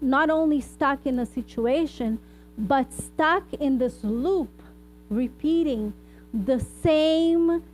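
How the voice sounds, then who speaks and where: High-voiced woman giving a talk. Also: slight background noise, low-quality recording. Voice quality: animated, talks to audience with many asides and rhetorical "right?". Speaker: spiritist talk speaker and therapist. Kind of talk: informal spiritual talk. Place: hall of a spiritist society.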